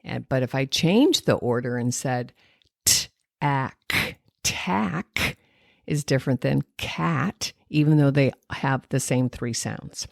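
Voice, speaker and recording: A woman hosts a solo educational podcast on speech and language development, explaining with many fillers and sounding out examples of sounds and intonation aloud. Her voice is low-pitched and creaky, recorded dry with studio quality.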